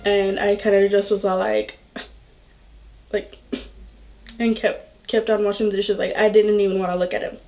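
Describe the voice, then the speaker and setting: A young woman vlogger telling a personal story in a slow, halting way, full of filler words. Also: medium pitch, level tone, a little mellow, soft background music. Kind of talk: storytime vlog.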